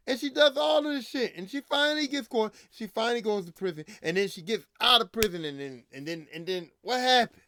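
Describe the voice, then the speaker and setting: Man, podcast host, high voice, bright, slangy profane rant, a little drunk. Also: fairly quick, few pauses, no echo, clean studio sound. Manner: animated ranting, repeats himself, slangy. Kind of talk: casual profane commentary.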